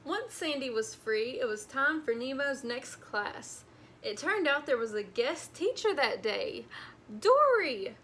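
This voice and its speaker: A woman librarian reading a storybook aloud to children in an animated way, speaking to them directly. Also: sits high, unhurried, slight background noise.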